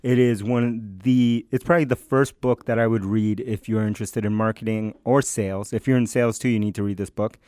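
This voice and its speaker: A man co-hosting a podcast in casual chat, relaxed and teasing, using slang. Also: lowish voice, brisk, few pauses, no echo. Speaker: podcast co-host.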